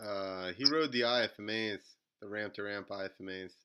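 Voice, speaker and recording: A man's voice: lowish voice, a little fast, bright, forceful tone, clean tone. A man hosting a podcast in casual chat, joking, laughing often and telling stories. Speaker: podcast host.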